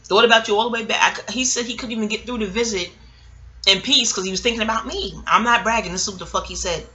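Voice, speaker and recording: A woman's voice: fairly high pitch, fast, pushed and bright. A middle-aged woman from New York with a New York accent, telling a personal memoir story in a candid, rambling and profane way. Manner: candid, rambling, profane, chuckles as she talks. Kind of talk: casual storytelling to camera.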